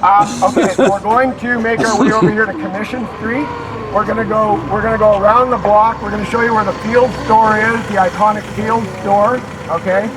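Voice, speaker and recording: A man's voice: sits high, steady tone, a little fast, distant mic, a loud crowd, rough recording. Rambling man giving a street tour. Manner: anecdotal, rambling with frequent fillers and restarts. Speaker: tour guide. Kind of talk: walking tour narration. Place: outdoors on a town street.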